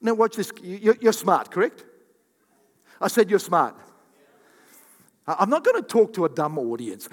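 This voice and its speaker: Pastor, male, high-pitched, animated preaching in a reverberant church hall. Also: moderate pace, pauses often. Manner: animated, acts out quoted voices, repeats for emphasis. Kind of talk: sermon.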